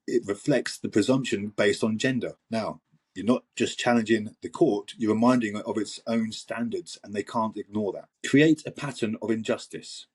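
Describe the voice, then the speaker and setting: A man's voice: on the low side, moderate pace, darkish tone, breathy edge. A man hosting a sarcastic commentary monologue, mocking and exasperated. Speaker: host.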